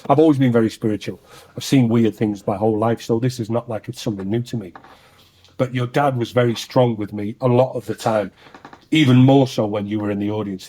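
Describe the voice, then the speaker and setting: A man, an actor and singer, telling a personal story in a conversation and acting out the voices he quotes. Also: medium pitch. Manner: animated storyteller who acts out quoted voices.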